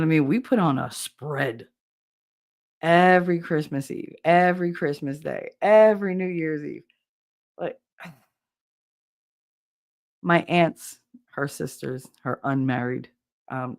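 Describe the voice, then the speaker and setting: A woman from the northern United States chatting casually on a livestream, telling a blunt, jokey, rambling family story. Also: low voice. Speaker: streamer.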